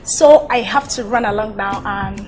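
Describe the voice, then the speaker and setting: A woman's voice: mid-range voice, normal speed, a little mellow, close to an everyday voice. An actress with a Nigerian accent playing a bubbly, teasing young woman. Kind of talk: film drama acting. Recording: film audio with music score.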